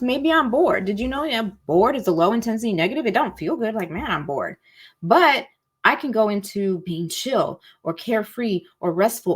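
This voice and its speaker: A woman's voice: on the high side, slightly rough. A woman hosting an online masterclass on emotions, chatty and colloquial, saying "y'all" and acting out example feelings in little voices. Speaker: masterclass host. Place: at home, cozy setting.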